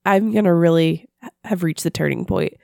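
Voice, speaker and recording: A woman co-hosting a podcast, hoarse and husky from a sinus infection, talking in a dry, matter-of-fact way. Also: fairly low pitch, normal speed, a little mellow, no echo. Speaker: podcast co-host. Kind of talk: casual chat.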